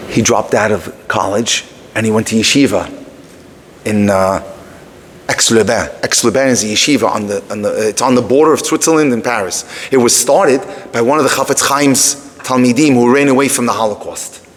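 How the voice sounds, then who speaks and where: A man teaching through a story to a live audience, animated, breaking off to speak to the room. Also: mid-range voice, normal speed. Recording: long reverb of a hall.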